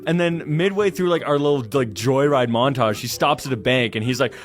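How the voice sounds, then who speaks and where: A man's voice: mid-range voice, a little fast. A young man telling comic dream stories, joking and laughing as he goes. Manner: animated, joking, laughs through his stories. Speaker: storyteller. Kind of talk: comic storytime narration.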